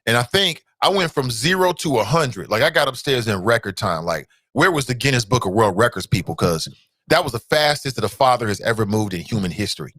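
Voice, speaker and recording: A man's voice: mid-range voice, expressive, fairly quick, a bit bright, no room sound. A man hosting a talk show, chatting casually and playfully, trash-talking and stretching his words. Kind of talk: casual radio-style talk show monologue.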